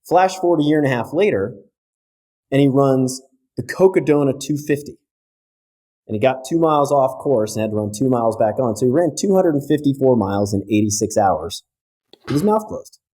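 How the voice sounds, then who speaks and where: A man of middle pitch talks as a podcast guest, explaining breathing technique with real energy. He keeps things casual and often tags his points with a quick "right?" to check that the listener is with him. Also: lively intonation, dark tone.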